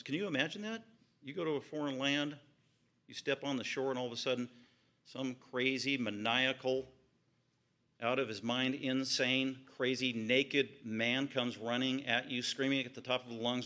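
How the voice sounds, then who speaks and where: A man preaching a verse-by-verse sermon, retelling the story vividly with piled-up phrases and sudden swings from quiet murmurs to high exclamations. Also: fairly even intonation, moderate pace. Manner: retells scripture vividly, piling up repeated phrases. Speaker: pastor. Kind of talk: expository sermon.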